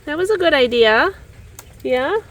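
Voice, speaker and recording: Homesteader lady filming outside, chatty, coos up high at her birds, lots of oh no's, bit of hiss. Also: expressive, unhurried, a bit bright. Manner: emotional, dismayed exclamations. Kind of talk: casual vlog commentary. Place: outdoors in a rural yard and garden.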